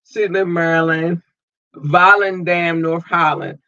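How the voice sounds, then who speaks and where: A man hosting a podcast, warmly shouting out listeners' cities with a lilt and playful squeals. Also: fairly even intonation, slow, smooth, no room sound, muffled recording. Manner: warm, effusive, playful, sometimes squeals in a high voice. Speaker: podcast host. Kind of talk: casual listener shout-outs.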